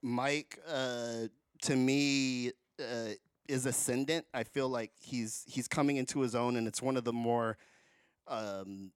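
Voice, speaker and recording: A middle-aged man co-hosting a casual music podcast, chatting in a relaxed, enthusiastic way with lots of ums. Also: mid-range voice, slow pace, clean tone, no room sound, clean studio sound. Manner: relaxed, filler-heavy, enthusiastic. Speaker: podcast co-host. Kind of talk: casual chat.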